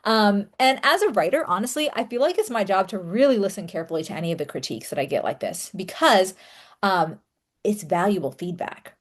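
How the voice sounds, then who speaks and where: A young woman talking casually to her audience, chatty and relaxed, with many fillers and small laughs. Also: on the low side. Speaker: author and content creator. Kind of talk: casual solo talk to camera.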